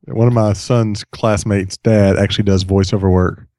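A man's voice: fairly low pitch, steady tone, moderate pace, dark tone, dry recording, clean studio sound. A man in his thirties co-hosting a podcast. He tells stories animatedly and laughs often. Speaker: podcast co-host. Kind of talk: casual chat.

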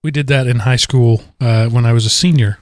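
A man co-hosting a casual podcast, telling a story in a deadpan way. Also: medium pitch, a little fast, dry recording, clean studio sound. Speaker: podcast co-host.

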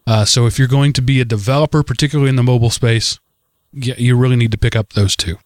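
A man hosting a casual podcast, laughing often and talking in an animated way as he reads out listener mail. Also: medium pitch, quick pace, no echo, clean studio sound. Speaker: podcast host.

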